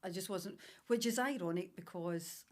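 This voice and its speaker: Brief: Ayrshire woman in her fifties, lowish voice, lively storyteller on a podcast. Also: moderate pace. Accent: Ayrshire Scottish. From Scotland. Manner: warm storytelling, enthusiastic. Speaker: guest, salon director. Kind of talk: casual interview chat.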